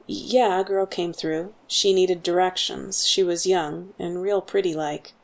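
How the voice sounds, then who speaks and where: A woman's voice: fairly low pitch, steady tone, unhurried, vocal fry. A woman doing a dim eager young soldier.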